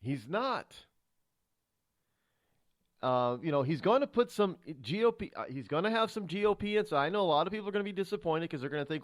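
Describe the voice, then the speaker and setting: A man's voice: high-pitched, lively intonation, fairly quick, no echo. A man hosting a political talk radio show, musing aloud and rambling with many restarts, from a studio microphone.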